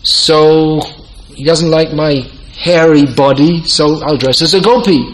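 Man giving informal devotional talk, slightly high. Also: steady tone, measured pace, low-quality recording. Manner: storytelling, quotes dialogue, laughs at own points. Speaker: devotional teacher. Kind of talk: informal religious discourse.

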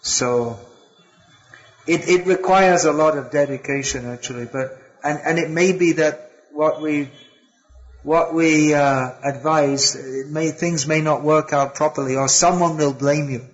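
Man lecturing, halting, on a dull recording. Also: on the high side, steady tone. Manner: hesitant, with many restarts and fillers. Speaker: spiritual teacher.

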